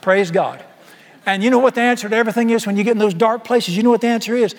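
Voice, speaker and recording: A male pastor delivers a sermon in a folksy, emphatic way, peppering the congregation with rhetorical questions. His voice sits high for a man. The sound carries a long reverb from a large church auditorium. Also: quick pace.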